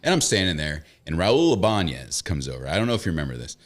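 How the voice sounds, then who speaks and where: A man, a radio broadcaster guesting on a casual podcast, telling a story in a lively way with frequent laughter. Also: low-pitched, fast.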